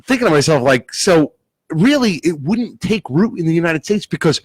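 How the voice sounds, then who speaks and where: A man co-hosting a casual podcast chat, rambling a bit and laughing loudly. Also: fairly high pitch, big pitch swings, moderate pace, breathy edge, no room sound. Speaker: podcast co-host.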